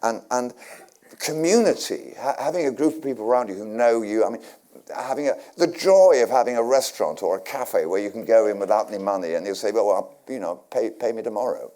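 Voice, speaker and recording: A man's voice: lowish voice, lively intonation, brisk, dark tone. An older man from England, guest at a stage interview, telling rambling anecdotes with restarts and dry humour. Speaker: guest actor. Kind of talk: storytelling on stage. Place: community centre hall with live audience.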